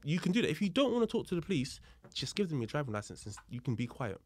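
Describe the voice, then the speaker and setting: A man's voice: fairly high pitch, racing. A man, a police officer, telling a story as a podcast guest, acting out both sides of a dialogue and explaining the legal points. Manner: lively retelling that acts out both sides of a dialogue. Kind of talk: casual storytelling in conversation.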